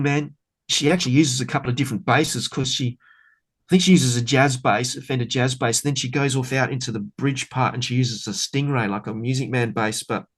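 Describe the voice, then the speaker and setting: A middle-aged man chats about music as a guest on a podcast. He talks with easy enthusiasm, drifting between thoughts and filling gaps with "um" and "man.". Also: mid-range voice. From Australia. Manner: enthusiastic, rambling, many fillers. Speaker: bass player guest. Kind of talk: casual podcast interview.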